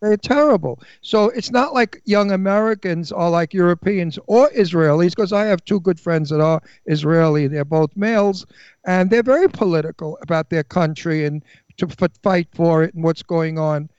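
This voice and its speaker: A man's voice: high voice, moderate pace, darkish tone, clear, resonant tone, no room sound. A man hosting a radio talk show, speaking bluntly and opinionated, swearing freely. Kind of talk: casual radio chat. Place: radio studio. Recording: dry, dull lo-fi radio studio sound.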